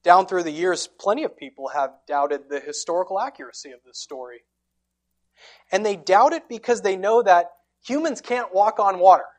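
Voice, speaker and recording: A woman preaching a sermon, telling the story dramatically and swinging between loud, forceful lines and hushed ones. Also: lowish voice, expressive, normal speed.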